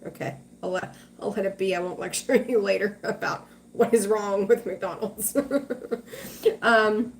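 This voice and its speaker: A woman's voice: medium pitch, fairly even intonation, moderate pace, creaky, a little hiss or hum. Chatty woman hosting a tarot livestream. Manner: chatty, reassuring, reads out viewer names. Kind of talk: casual livestream chat.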